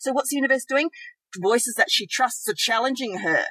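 A woman's voice: on the high side, normal speed, sharp tone, no room sound, low-quality recording. Earnest woman podcast co-host. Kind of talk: casual spiritual podcast chat.

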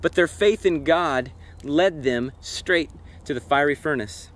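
A man's voice: fairly high pitch, measured pace. A man giving a devotional Bible study outdoors by a campfire, speaking earnestly and reflectively and putting direct questions to his listeners. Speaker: Bible teacher.

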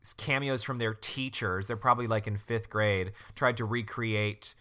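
A man's voice: fairly low pitch, steady tone, moderate pace, sharp tone, smooth. A man co-hosting a casual podcast chat, enthusiastic and gushing, with many fillers. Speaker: podcast co-host.

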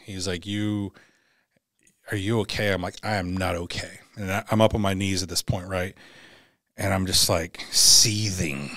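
A middle-aged man with a lowish voice tells a personal story as a podcast guest. He is blunt and profane and acts out the lines he quotes. His voice sounds dry and close, with no room echo. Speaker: podcast guest, former Navy SEAL.

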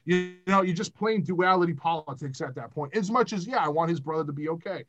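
Young guy producer, fired up and cussing a lot, kinda high voice, podcast chat. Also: fairly quick, dull audio, music in the background. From Massachusetts. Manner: animated, profane, rambling. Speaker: music producer guest.

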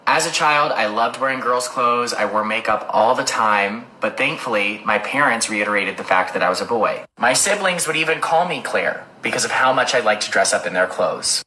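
A man's voice: mid-range voice, pushed and bright, poor audio. A young man giving an earnest, direct commentary to the camera. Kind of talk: commentary video.

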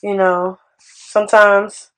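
A woman hosting a podcast, talking in a sassy, animated, conversational way. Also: medium pitch, slow pace, low-quality recording. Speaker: podcast host. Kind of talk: casual podcast chat.

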